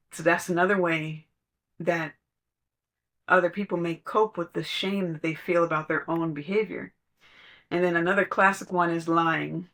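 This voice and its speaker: Conversational podcast voice, mid pitch. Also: fairly even intonation, normal speed, a bit bright. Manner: conversational, storytelling with laughs. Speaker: podcast speaker. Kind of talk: casual spiritual talk.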